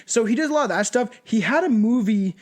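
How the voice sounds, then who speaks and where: High-voiced man, loose and profane. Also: lively intonation, quick pace, a crowd in the background. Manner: loose, profane, laughing storyteller. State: drinking shots. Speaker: podcast co-host. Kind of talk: casual chat.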